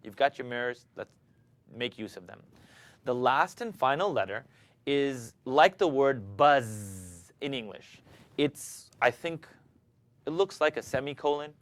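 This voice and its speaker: A man leads a pronunciation lesson for Quran recitation. He speaks slowly and patiently and draws out each sound so learners can copy it. The recording is dry and close. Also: mid-range voice, lively intonation, fairly bright tone, dry recording. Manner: patient, demonstrates sounds slowly for students to repeat.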